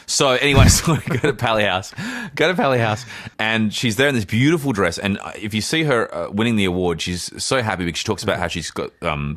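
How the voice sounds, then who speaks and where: A young Australian man with a low, deep voice tells a long, rambling story on a podcast. He keeps correcting himself and acts out what others said. The room is dry and close. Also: fairly bright tone, no room sound. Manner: rambling, self-correcting, acts out quoted dialogue. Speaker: podcast co-host. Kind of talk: casual anecdote storytelling.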